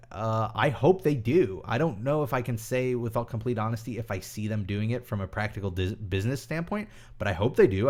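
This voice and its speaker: A young man hosting a casual live stream, reading viewer questions aloud and answering in a rambling, chatty way with many pauses and fillers. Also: mid-range voice.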